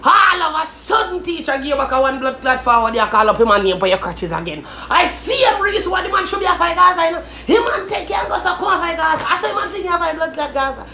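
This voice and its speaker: A woman with a Jamaican accent ranting comically in patois, swearing, shouting and slipping into a sing-song delivery. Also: extremely high pitch, lively intonation, quick pace, hardly any pauses, reverberant, soft background music. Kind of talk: comedic rant in patois.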